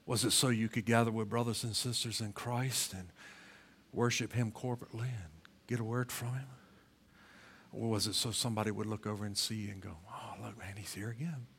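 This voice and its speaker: A male pastor with a lowish, steady voice preaches a church sermon, with a little hiss or hum in the audio. He shifts between loud, emphatic passages and slow, quiet questions, often repeating words as he starts a phrase.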